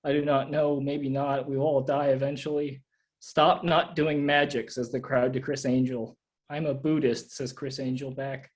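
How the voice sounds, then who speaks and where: A man reading his own absurd poems aloud at a live reading, in a deadpan way. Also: medium pitch, moderate pace, rough recording. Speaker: poet reading own work.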